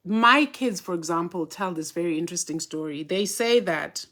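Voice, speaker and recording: A woman's voice: lowish voice, lively intonation, moderate pace, fairly bright tone. A woman casually hosting a livestream, greeting viewers one by one by name and mixing in Zulu and Xhosa. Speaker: spiritual teacher hosting a livestream.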